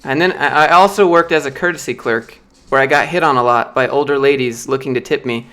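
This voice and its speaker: A man's voice: medium pitch, a little fast, sharp tone, clear, resonant tone. A man chatting casually on a live stream, telling loose, filler-heavy anecdotes. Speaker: streamer answering viewer questions.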